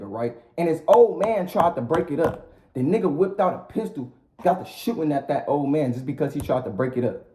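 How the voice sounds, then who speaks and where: A man's voice: fairly high pitch, dark tone. A man ranting casually as a vlogger, blunt and profane, with lots of repetition. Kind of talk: casual rant to the camera. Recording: roomy echo.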